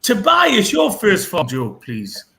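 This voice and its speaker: Lively high-voiced British man hosting. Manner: playful, laughing, drawn-out words. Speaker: comedy show host. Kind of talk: lively pun contest hosting.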